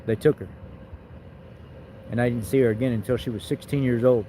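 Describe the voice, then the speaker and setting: A man's voice: medium pitch, steady tone, a little fast, mellow, a little hiss or hum, rough recording. Man telling an emotional personal story. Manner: rambling, emotional, repeats words. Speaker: vlogger.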